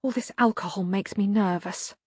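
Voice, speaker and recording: A woman's voice: mid-range voice, moderate pace, a little mellow, breathy edge, no echo, studio quality, close to an everyday voice. A woman voicing a nervous, fussy male minor god who complains.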